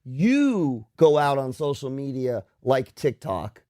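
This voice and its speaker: Lively, mellow-voiced male co-host. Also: mid-range voice, no room sound, clean studio sound. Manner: interjecting, quick questions and reactions. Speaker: radio co-host. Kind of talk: casual radio chat.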